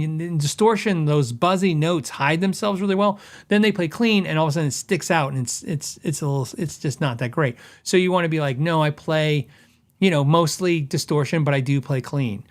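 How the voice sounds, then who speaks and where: A middle-aged man hosting a podcast, talking casually and conversationally, often correcting himself and quoting customers in quick asides. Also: on the high side. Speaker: podcast host; guitar repair tech.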